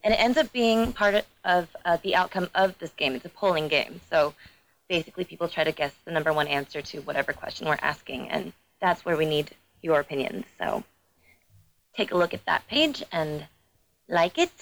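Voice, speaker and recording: A woman guest chatting casually on a podcast, upbeat and quick to laugh. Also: lowish voice, expressive, gravelly, a little hiss or hum, poor audio. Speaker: guest game producer.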